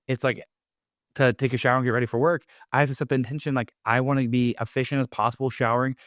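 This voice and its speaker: A man hosts his own podcast in a loose, chatty monologue, leaning heavily on "like" and "right?". His voice is medium-pitched, recorded dry at studio quality.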